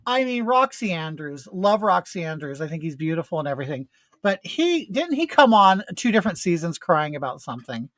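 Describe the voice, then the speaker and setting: A man's voice: a little high, very animated, fairly quick, fairly bright tone, dry recording. A man, a drag queen host, gossiping sarcastically while doing makeup and reading viewer comments. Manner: reads viewer comments aloud. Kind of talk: casual makeup chat.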